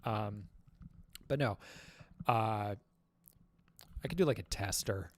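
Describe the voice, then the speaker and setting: A man hosting a casual livestream Q&A, rambling and halting through lots of fillers and self-mocking jokes. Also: fairly low pitch. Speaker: livestream host.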